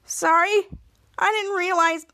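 A bossy little girl who whines and pleads, then snaps at her brother, as a woman puts her on. The voice sits very high and sounds dry and close. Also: steady tone, slow pace, pushed and bright, dry recording, heavily acted. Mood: upset. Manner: pleading and snappish. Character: young girl, bossy and whiny.

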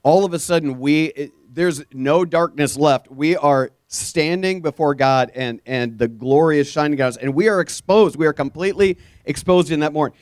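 A man preaching a sermon to his congregation, earnest and animated, with sudden bursts of energy. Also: a little high, moderate pace, hardly any pauses, dry recording. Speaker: pastor.

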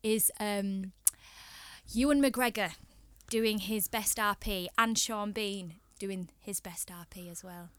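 A woman's voice: mid-range voice, steady tone, slow pace. An English woman co-hosting a podcast, chatty and enthusiastic. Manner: enthusiastic, chatty, laughs often. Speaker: podcast co-host. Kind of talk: casual chat.

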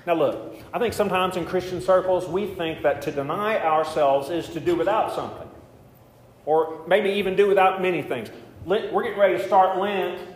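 Male pastor, somewhat high voice, chatty sermon with jokes, echoing church hall. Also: moderate pace. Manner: conversational, joking asides. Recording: echoey hall with faint noise.

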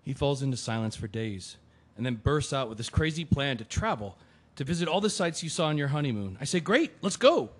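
An actor playing an ill man who talks quietly and wryly about his guilt. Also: mid-range voice, animated, brisk, hardly any pauses, natural voice. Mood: subdued. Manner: quiet, subdued, self-deprecating. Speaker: Ben, the sick man. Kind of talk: audio drama acting, inner monologue.

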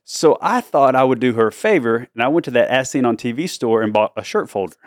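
A man's voice: medium pitch, expressive, fast, dry recording, studio quality. A middle-aged man, a dad hosting a family chat show, telling stories in an easygoing way and laughing often. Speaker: dad and podcast host.

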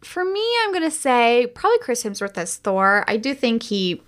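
A woman's voice: a little high, sing-song, moderate pace, a bit bright. A woman co-hosting a casual podcast, reviewing a movie with enthusiasm, laughing and swearing freely. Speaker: podcast co-host. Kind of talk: casual film review chat.

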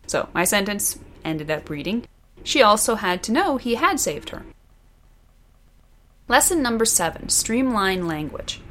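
A woman author explaining fiction editing lessons in a scripted, deliberate narration that stresses key words. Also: mid-range voice, fairly bright tone. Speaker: author teaching writing.

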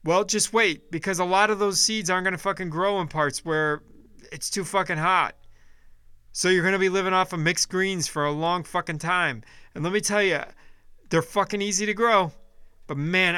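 A man's voice: high-pitched, sharp tone, clear, resonant tone, no room sound. A man delivering a blunt, profane, exasperated casual rant, often restarting his sentences.

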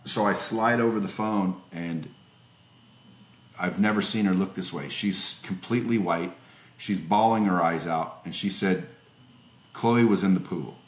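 A man's voice: low-pitched, measured pace. A man in his forties, a podcast guest, telling a story casually over a remote call from home, emphatic, swearing freely and often restarting his sentences. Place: at home with children nearby. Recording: roomy echo.

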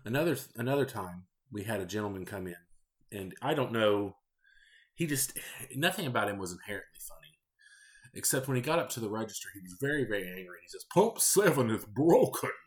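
A man in his thirties, a podcast host, telling candid stories in a casual, rambling, deadpan way. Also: fairly low pitch, fast. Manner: candid, rambling, deadpan about odd customers. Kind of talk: casual storytelling monologue.

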